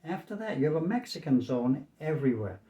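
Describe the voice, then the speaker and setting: Very animated and brisk, a US vlogger in his sixties speaks in a fairly high voice from a small room in his apartment. The audio is lo-fi and roomy as he rambles, repeats his points, and tags his lines with "okay?"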